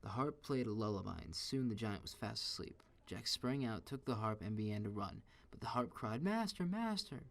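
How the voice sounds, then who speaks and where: Man, low voice, gravelly, reading a children's story, expressive. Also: a little fast, hardly any pauses.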